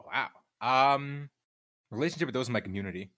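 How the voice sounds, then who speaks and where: A man's voice: medium pitch, fairly quick, fairly bright tone. A young man in casual chat, candid and profane, rambling with frequent restarts. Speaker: streamer guest.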